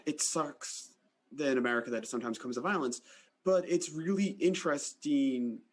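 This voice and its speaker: A man's voice: mid-range voice, normal speed. A man hosting a podcast, talking in a conversational way and saying "like" often. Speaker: podcast host.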